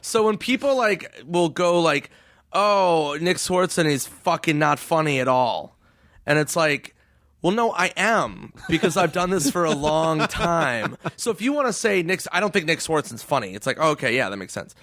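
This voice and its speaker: Male comedian guest, higher voice, loose and profane, dry close mic. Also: moderate pace, no echo. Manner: profane, animated storytelling with lots of fillers. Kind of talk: casual podcast chat.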